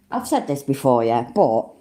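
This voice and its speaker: A woman's voice: extremely low pitch, warm tone. A woman in her forties hosting a livestream, a little tipsy, chatting casually, swearing freely and laughing often. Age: 40s. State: tipsy from drinking. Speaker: livestream host.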